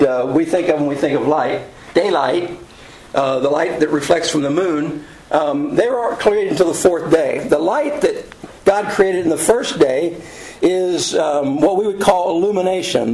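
A man teaching a casual Bible study lesson, pausing often with ums and uhs. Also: fairly high pitch, darkish tone. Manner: halting, many ums and uhs. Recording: roomy echo.

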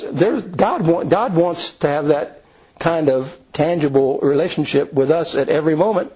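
A man's voice: on the high side, a little mellow, breathy edge, highs cut off. A man preaching a conversational sermon in an earnest, folksy way, with frequent restarts and asides to the congregation. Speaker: pastor.

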